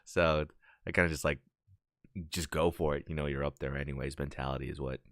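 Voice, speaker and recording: Deep-voiced laid-back man. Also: fairly even intonation, fairly quick, no room sound, clean studio sound. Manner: laid-back, swears casually, says "dude" and "man". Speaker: podcast co-host. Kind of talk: casual chat.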